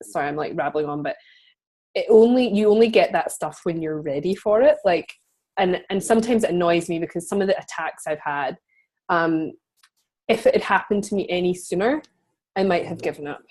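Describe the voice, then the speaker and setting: A woman with a somewhat low-pitched voice hosts a relaxed conversational interview. She talks in a chatty, meandering way, peppering her stories with fillers and restarts. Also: fairly quick. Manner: chatty storytelling with frequent fillers and laughs. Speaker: podcast host interviewing a guest.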